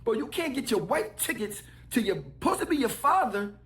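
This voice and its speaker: A man's voice: extremely high pitch, big pitch swings, brisk, reverberant, over music. A middle-aged man ranting heatedly, mocking and scolding someone in a played clip. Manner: mocking, scolding, trash-talking.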